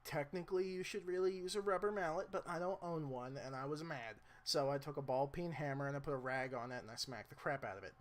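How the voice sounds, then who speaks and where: A man's voice: a little high, fast, hardly any pauses. A young man casually explaining a motorcycle repair in a rambling, self-deprecating way, talking to the camera mic as he works. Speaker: motorcycle vlogger. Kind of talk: casual how-to vlog.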